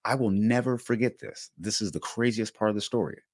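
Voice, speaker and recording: A man casually telling a personal story to his viewers, animated and slangy, full of fillers, acting out what others said. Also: on the low side, fairly quick, no room sound, studio quality. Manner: animated, slangy, lots of fillers, acts out quotes.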